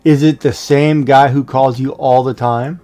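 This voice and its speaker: A man's voice: medium pitch, steady tone, unhurried, dark tone, soft background music. A man hosting a livestream, chatting casually and jokingly with viewers. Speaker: livestream host.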